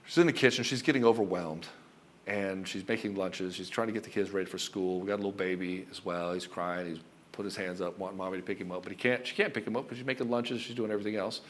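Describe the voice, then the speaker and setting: A middle-aged man giving relationship advice as a coach, talking forcefully and emphatically and swearing freely. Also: sits low, fairly even intonation, fast, a little hiss or hum. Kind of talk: direct-to-camera advice monologue.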